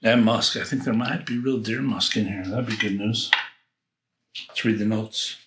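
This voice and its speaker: A man with a lowish yet bright, forceful voice reviews fragrances in a loose, rambling way, thinking aloud and restarting his sentences. He is recorded in a roomy space with a clear echo. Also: steady tone, moderate pace, a little hiss or hum. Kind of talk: casual unboxing review.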